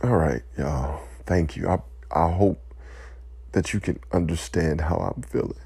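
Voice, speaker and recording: A man giving an impassioned, emotional speech, weary and close to tears, pausing to collect himself. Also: sits low, creaky, dark tone, breathy edge, no room sound. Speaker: speaker addressing listeners.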